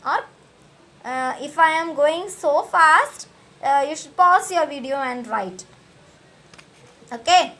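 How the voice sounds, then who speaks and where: A woman's voice: sits high, animated, takes it slowly, long pauses, pushed and bright. A woman, teaching a recorded lesson to young children and repeating each question and answer in a coaxing way. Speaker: school teacher.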